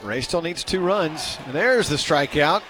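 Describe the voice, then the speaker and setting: Play-by-play man, a touch high, loose and chatty, pumps up on strikeouts. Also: measured pace, background noise. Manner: chatty, self-deprecating, excitable on big plays. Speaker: play-by-play announcer. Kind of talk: baseball play-by-play commentary.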